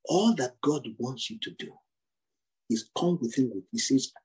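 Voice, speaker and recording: Brief: male preacher, husky, mid-range, repetitive rhetorical sermon delivery. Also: medium pitch, lively intonation, a little mellow, low-quality recording. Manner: rhetorical questions, repeated phrases, drawn-out emphasis.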